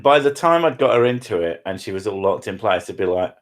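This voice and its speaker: A southern English man with a low voice, hosting a stream in casual, joking, sweary banter. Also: animated, fairly quick. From southern England. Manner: swearing, self-mocking, joking. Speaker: streamer, show host.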